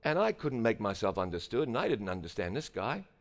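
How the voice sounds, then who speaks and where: A man's voice: on the low side, a little fast. A man with a New Zealand accent telling his testimony in a humorous, storytelling sermon. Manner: animated, humorous, acts out dialogue. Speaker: preacher giving a testimony.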